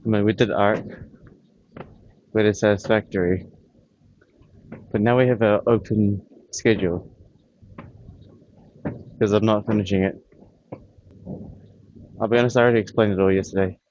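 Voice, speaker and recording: A man's voice: lowish voice, fairly even intonation, a little mellow, muffled recording. Breathless man rambling about games. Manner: rambling, thinking aloud with pauses. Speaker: vlogger. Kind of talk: casual chat about games.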